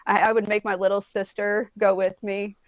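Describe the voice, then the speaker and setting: This Indianapolis woman in her forties is a guest in a casual chat, rambling through stories, swearing freely and leaning on lots of "like" and "um." Her mid-range voice holds a level tone at a moderate pace. The lo-fi audio, with no room sound, comes from a phone or tablet on a video call.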